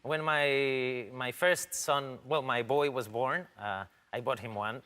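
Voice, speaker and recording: A man, telling lively anecdotes in a casual interview and laughing often. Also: medium pitch, slow pace, clean tone. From Mexico. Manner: animated storyteller, laughs often. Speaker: actor interviewee.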